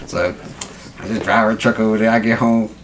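A man's voice: on the low side, level tone, fairly quick, slight background noise. A man chatting casually, telling rambling stories, laughing often and swearing a lot. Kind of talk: casual chat.

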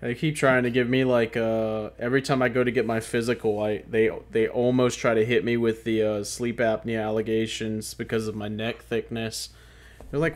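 A man's voice: fairly low pitch, flat delivery, normal speed. A man co-hosting a podcast, talking in a rambling, profane, casual way. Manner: rambling, profane, swings loud. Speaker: podcast co-host. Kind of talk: casual chat.

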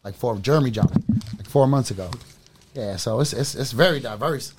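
A middle-aged man spins loose, winding stories in heavy street slang. He speaks in a relaxed, conversational voice of middle pitch, with lots of filler and restarts. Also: a little fast, a little hiss or hum. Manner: rambling street-slang storytelling. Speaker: storyteller on a podcast. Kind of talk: casual chat.

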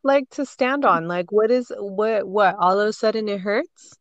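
A woman's voice: medium pitch, moderate pace, lo-fi sound, crowd noise. A woman co-hosting a podcast who answers a story with blunt, disbelieving comments in casual chat. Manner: blunt incredulous reactions. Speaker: podcast co-host.

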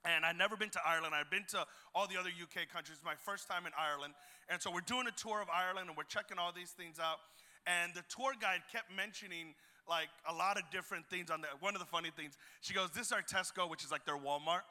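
Young male youth pastor, jokey storytelling sermon, high bright voice, long hall reverb. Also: fast talker. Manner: animated and jokey, acts out voices in anecdotes. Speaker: guest preacher and youth pastor. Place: church auditorium.

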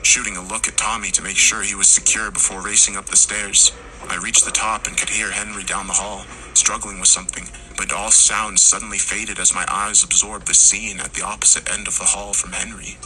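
A man narrating a horror story, acting out the characters' lines and rising to shouts in tense moments. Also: on the low side, little pitch movement, brisk, noisy background. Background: music.

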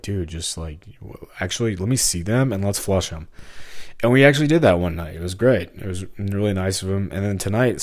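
Male podcast host, deep voice, dry sound, wandering stream-of-thought delivery. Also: a little mellow, no room sound. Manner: meandering, jumps between topics, self-interrupting. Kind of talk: solo rambling monologue.

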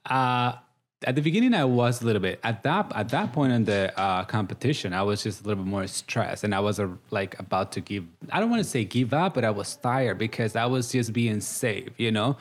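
A man's voice: fairly low pitch, brisk. Chatty thirty-year-old man, English. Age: 30s. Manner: chatty and warm, with many "like" fillers. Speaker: guest. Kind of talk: casual interview.

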